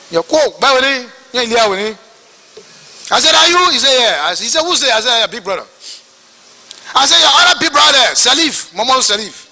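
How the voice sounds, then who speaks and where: Man, Liberian English accent, testimony, very high voice, sharp bright tone, long hall reverb. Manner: animated, acts out quoted dialogue. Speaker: witness testifying at a hearing. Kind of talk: storytelling testimony.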